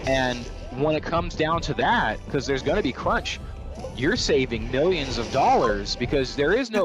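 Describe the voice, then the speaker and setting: A man's voice: mid-range voice, very animated, moderate pace. Man from California, game stream chat, swears a lot, rambling restarts, faint game music behind. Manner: profane, rambling rants with many restarts. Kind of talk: casual chat over gameplay.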